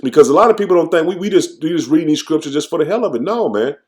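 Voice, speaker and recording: A man giving an informal, fervent sermon, reading verses slowly and then commenting, tagging "man" onto nearly every phrase. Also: fairly high pitch, lively intonation, darkish tone. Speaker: scripture teacher. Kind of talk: informal preaching with scripture reading.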